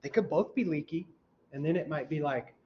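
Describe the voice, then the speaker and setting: A man teaching a class, quizzing students and mimicking heart sounds out loud, heard in a dull, lo-fi classroom recording. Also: a little high, brisk. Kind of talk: classroom lecture. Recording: dull lo-fi recording with faint hum.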